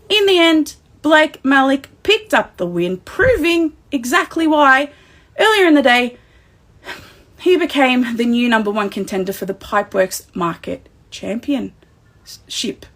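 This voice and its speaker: Her high-pitched Australian voice fills a wrestling recap livestream, where she addresses the fans head-on. She sounds emotional and easily excited.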